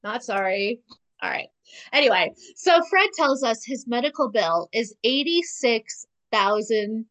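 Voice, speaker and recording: A woman co-hosting a casual podcast, recapping a TV episode with sarcastic asides and quick acted-out lines of dialogue. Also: fairly high pitch. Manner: animated, sarcastic, acts out character lines. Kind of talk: casual chat.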